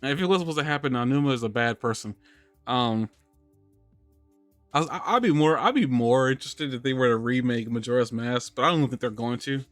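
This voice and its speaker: A man talking loosely on a podcast, tripping over his own words and circling back as he goes. His voice is of middle pitch and sits close and dry on the mic, with faint music under it. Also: brisk, no room sound. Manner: rambling, lots of restarts and laughter. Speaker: podcast host. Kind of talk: casual podcast chat. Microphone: studio microphone on a live stream.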